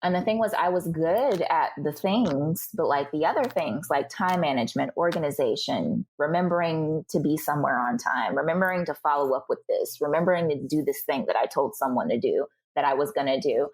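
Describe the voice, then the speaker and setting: A woman's voice: low-pitched, slightly rough. A young adult woman speaking as a podcast guest, telling her story candidly and acting out what other people said to her. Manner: animated, acts out other people's remarks in quick bursts.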